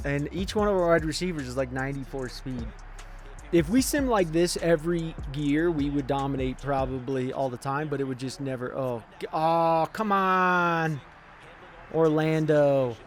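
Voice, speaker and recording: A young man commentating a football video game in a hyped, rambling way, yelling at big plays. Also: on the high side, normal speed. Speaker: gaming channel host.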